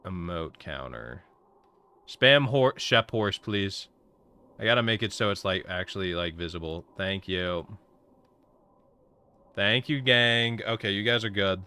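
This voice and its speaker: A man's voice: deep voice, expressive, a little slow, pauses often, pushed and bright, smooth, no room sound. A man streaming a game live, chatting casually with his viewers, voice a little sore. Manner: rambling, chatty, talks to chat. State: slightly sore voice. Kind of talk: casual live-stream chat while gaming.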